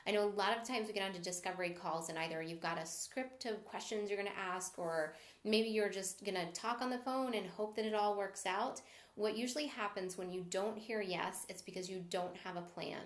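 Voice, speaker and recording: A woman's voice: medium pitch, fairly quick, reverberant. A woman sales coach giving a live-stream training, upbeat and encouraging, stopping to greet viewers as she teaches.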